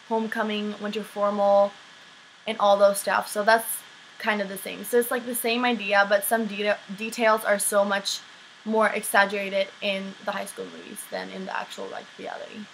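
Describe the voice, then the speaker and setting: A teenage exchange student from Sweden, speaking with a light Swedish accent, vlogs her answers to viewer questions in a relaxed, chatty manner full of "um"s and "like"s. Her medium-pitched voice is level and a bit bright, with vocal fry, and she talks at normal speed. Slight background noise comes through in the low-quality recording.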